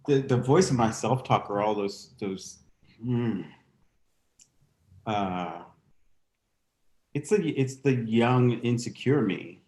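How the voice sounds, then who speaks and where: A man's voice: mid-range voice, slow pace, pauses often, a little mellow, reverberant. A man speaking as a guest in a candid interview, reflective and thinking aloud with restarts. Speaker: guest dancer.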